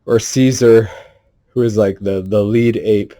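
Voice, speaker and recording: A man talks in an unhurried, deliberate way. He sounds earnest and intense and swears freely. He is on a solo livestream from home. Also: on the low side, fairly even intonation, dark tone. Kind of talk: emotional solo performance.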